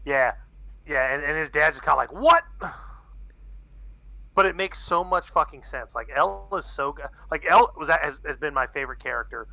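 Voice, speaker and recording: A man casually chatting on a podcast, excitable, swearing freely and using laid-back slang, sipping beer as he talks. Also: fairly high pitch, brisk, creaky, no room sound. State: drinking beer while talking. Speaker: podcast co-host. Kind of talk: casual chat recapping an anime.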